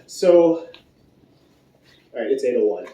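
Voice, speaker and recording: A man's voice: mid-range voice, sing-song, takes it slowly, recorded from a distance, background noise. Joking man speaking in an echoey hall. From Michigan, USA. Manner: punning, playful, chatty with the crowd. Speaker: conference speaker. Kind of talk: joking live talk to an audience. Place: conference hall.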